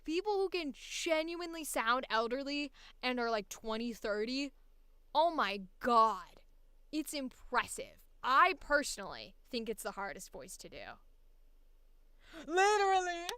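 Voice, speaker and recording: A chatty woman voice actor talks shop in a bright, ringing voice that sits a little high. Her tone is crisp and smooth, and she is animated and quick to laugh. The sound is close and dry. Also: dry recording. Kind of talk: casual chat about voice acting.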